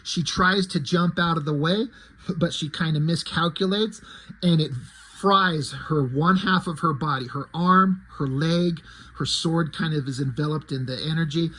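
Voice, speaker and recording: A man talks through his comic story panel by panel, in a casual, conversational way with fillers. His voice is slightly high and husky. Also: moderate pace, fairly bright tone.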